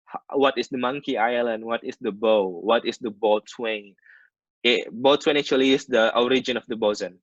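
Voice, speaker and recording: A man's voice: mid-range voice, fairly bright tone, dry recording. A man with an Indonesian accent teaching maritime English in an online class. He explains terms by giving Indonesian glosses and often restarts his sentences. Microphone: video call. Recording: muffled online call audio.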